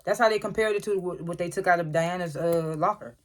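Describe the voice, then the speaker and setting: A reviewer loosely retelling a TV episode in a casual recap, with many "like" fillers and frequent throat clearing. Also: mid-range voice, fast talker. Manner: loose storytelling, lots of "like" and "was like" retellings.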